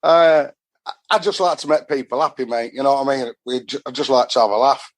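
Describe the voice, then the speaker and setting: A man's voice: mid-range voice, fairly quick. A middle-aged man from Doncaster with a Yorkshire accent, chatting as a podcast guest and telling long rambling stories full of northern dialect. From Doncaster, Yorkshire, England. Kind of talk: casual storytelling.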